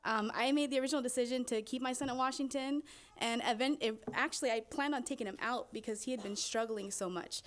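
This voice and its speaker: A woman's voice: a little high, fast talker. A woman speaking as a parent in public comment at a school board meeting, earnest and pleading, close to tears.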